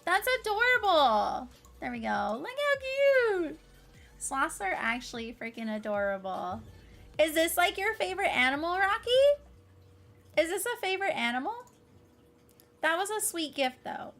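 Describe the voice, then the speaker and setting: A woman's voice: sits high, sing-song, normal speed, sharp tone. A woman streamer chatting casually with her viewers, effusive and bubbly with lots of laughs and fillers. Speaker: variety streamer. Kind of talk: casual livestream chat.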